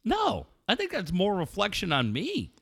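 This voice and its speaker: Profane, mocking middle-aged man, lively. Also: sits high, moderate pace, creaky, breathy edge. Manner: profane, mocking, laughs often. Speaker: podcast co-host. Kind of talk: crude casual chat.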